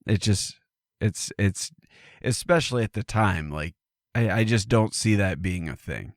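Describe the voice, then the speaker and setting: Man, low voice, casual comedic podcast chat, dry close mic. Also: animated, a little slow, no echo. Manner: joking, laughs often, puts on silly voices. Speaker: podcast co-host.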